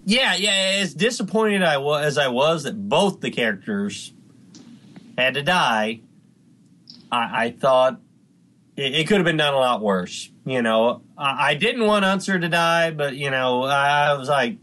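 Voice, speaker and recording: A man's voice: fairly high pitch, animated, measured pace, bright, forceful tone. Hesitant man in casual chat. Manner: hesitant, repeats words.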